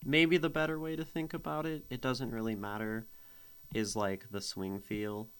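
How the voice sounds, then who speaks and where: A man at medium pitch, with little pitch movement, a moderate pace and a clean tone, hosts a stream where he casually picks apart a poem. He hums its rhythms, vocalizing the beats to explain them, and laughs frequently as a poetry-critiquing streamer.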